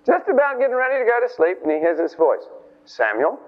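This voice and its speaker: Animated high-voiced preacher on tinny radio. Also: male voice, quick pace. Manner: animated, chatty, acts out the story's voices. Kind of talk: informal sermon storytelling.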